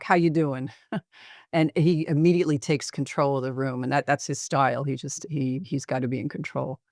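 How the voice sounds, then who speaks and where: Gravelly middle-aged man, measured and reflective. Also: fairly high pitch, darkish tone, no echo, studio quality. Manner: measured, reflective, often pauses with "um". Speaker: psychiatrist presenting a case. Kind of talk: case presentation in a webinar.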